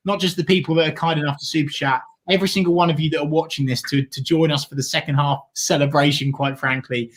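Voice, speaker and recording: Bloke, co-host, upbeat fan banter, somewhat high pitch. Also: male voice, fairly even intonation, fast, few pauses, fairly bright tone, a little hiss or hum. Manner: enthusiastic, jokey, fan banter. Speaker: co-host of a football watchalong. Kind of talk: casual live match chat.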